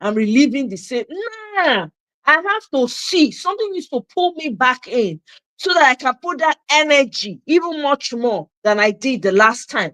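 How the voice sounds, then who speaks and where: A woman's voice: high voice, animated, moderate pace, bright, forceful tone, no echo. A woman with a Nigerian accent hosting a live political commentary show, ranting passionately and slipping Pidgin into her English. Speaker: host.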